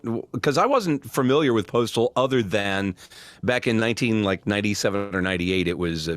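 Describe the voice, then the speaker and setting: A middle-aged male voice actor telling stories in a casual interview, snarky and animated. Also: fairly low pitch. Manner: storytelling, animated. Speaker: voice actor guest.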